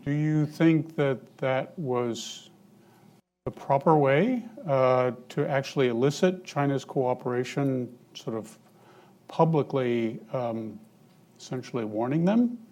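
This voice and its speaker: A man moderating a policy panel, putting questions to the panelists in a halting way full of ums and uhs. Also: mid-range voice, dark tone. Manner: halting, with many um and uh fillers.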